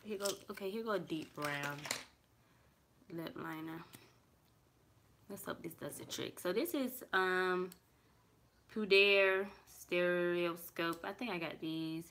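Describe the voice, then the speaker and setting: A woman's voice: lowish voice, slow pace, pauses often, a bit bright. A young woman chatting casually through a makeup tutorial in her bedroom, talking to viewers and thinking aloud as she works. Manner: chatty, talks to viewers as y'all, thinks aloud while working. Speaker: beauty vlogger. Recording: clear background noise.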